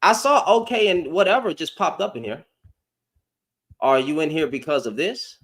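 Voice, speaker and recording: A man hosting a livestream with a high, lively voice that swings all over. He talks heatedly and confrontationally, firing questions back at people. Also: normal speed. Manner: confrontational, animated. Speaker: livestream host.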